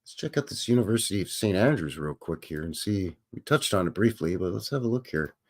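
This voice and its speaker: A man's voice: low voice, animated, brisk. A man hosting a live stream, reading passages aloud and breaking off for wry, self-deprecating comments.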